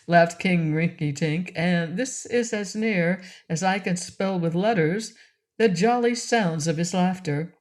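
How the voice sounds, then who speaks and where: A woman narrating a classic children's audiobook in a gentle, clear reading style. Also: on the low side, a little slow. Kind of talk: storybook narration.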